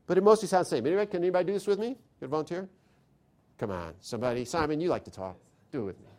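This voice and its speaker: Guy with a pretty high voice lecturing a class, chatty and lively, keeps asking the room questions. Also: rapid-fire. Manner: lively, conversational, asks the audience questions. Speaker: lecturer on constitutional theory. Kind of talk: live lecture to an audience.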